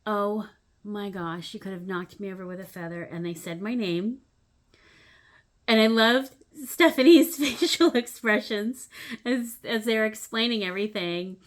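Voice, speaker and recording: Middle-aged woman, hobby vlog host, casual and animated, soft asides, lots of "um"s. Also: medium pitch. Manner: animated storyteller, swings between loud acted-out moments and soft asides; chatty with frequent "um" fillers. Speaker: needlework channel host.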